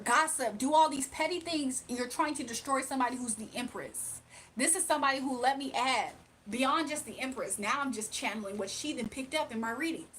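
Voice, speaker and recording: A woman's voice: high voice, fairly bright tone, slight background noise. A woman, giving a casual, emphatic spiritual reading on a livestream. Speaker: spiritual reader.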